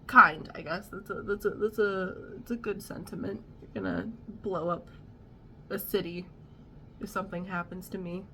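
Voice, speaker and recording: A woman's voice: on the low side, steady tone, moderate pace, pushed and bright, slight background noise. A young adult woman vlogging a casual storytime, rambling and wry with amused asides.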